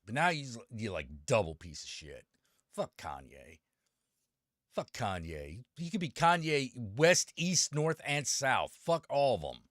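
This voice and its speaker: A man's voice: mid-range voice, very animated, unhurried, fairly bright tone, dry recording, studio quality. A man live-streaming and chatting with viewers, ranting with a lot of swearing and greeting people by name. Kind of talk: casual live-stream chat.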